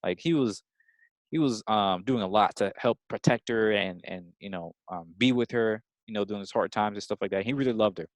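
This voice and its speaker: A man hosting a podcast, talking in a rambling, excited and slangy casual way. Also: lowish voice, a little fast, no echo. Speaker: podcast host. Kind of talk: casual chat.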